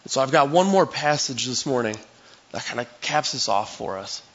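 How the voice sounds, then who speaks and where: A man's voice: medium pitch, expressive, moderate pace, fairly bright tone, highs cut off. A male pastor giving a sermon in a conversational, storytelling way, acting out scenes for his listeners.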